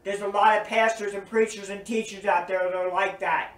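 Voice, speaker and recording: A man's voice: high-pitched, steady tone, brisk, a bit bright. A man preaching a sermon, earnest and emphatic, repeating his points. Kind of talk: recorded sermon teaching. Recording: roomy echo, distant from mic.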